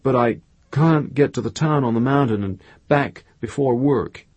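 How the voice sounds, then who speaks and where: A man reading an audiobook voices an exhausted, shabby man who speaks in halting mumbles. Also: medium pitch, darkish tone, slightly rough, no echo, pitched above the performer's own voice, close to an everyday voice. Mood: weary.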